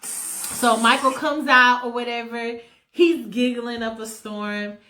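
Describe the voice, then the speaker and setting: A woman's voice: on the high side, slow. Chatty woman telling a story. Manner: animated, profane, chatty. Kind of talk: casual storytelling.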